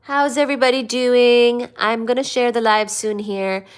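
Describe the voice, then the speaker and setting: A woman's voice: level tone, normal speed, clear, resonant tone. A woman chatting casually on a home live stream, greeting viewers and reading their comments aloud. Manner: reads viewer comments aloud, coos to her cats in a high baby voice. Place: home, upstairs room.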